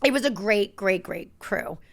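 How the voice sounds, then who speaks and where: A woman in her thirties co-hosting a podcast in casual chat, rambling and animated, with "like" in nearly every phrase. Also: mid-range voice, unhurried. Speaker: podcast co-host.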